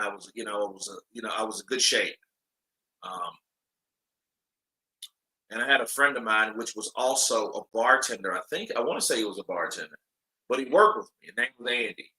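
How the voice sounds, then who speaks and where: Male boxing watch-along host, casual and excitable, mid-pitched, very bright and forceful. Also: poor audio. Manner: loose, chatty, excitable, swears casually. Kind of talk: casual live fight commentary and storytelling.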